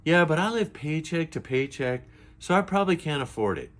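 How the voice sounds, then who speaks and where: A man's voice: on the high side, animated, a little fast, a bit bright, pitched above the performer's own voice. A man putting on the voice of a bubbly young woman influencer who giggles through her words. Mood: giggly.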